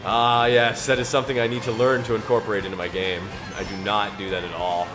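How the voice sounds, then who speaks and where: A man's voice: fairly low pitch, little pitch movement, fast talker, music in the background. A man streaming a racing game, chatting jokily and breaking into mock-archaic phrasing and scripture reading. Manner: playful, jokey, slips into mock-archaic phrasing. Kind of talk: casual gameplay stream chat with scripture reading.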